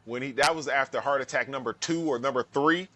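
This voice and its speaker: A man co-hosting a podcast in casual chat, excitable and swearing often, with frequent laughs. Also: medium pitch, a little fast, no echo. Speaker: podcast co-host.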